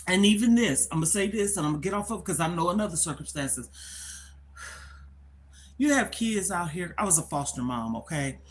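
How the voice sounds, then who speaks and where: An older woman tells a long personal story to her livestream viewers, with emphatic, repetitive phrasing. She talks into a phone in a casual, conversational way. A faint hiss sits under her voice. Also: sits low. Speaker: livestream host.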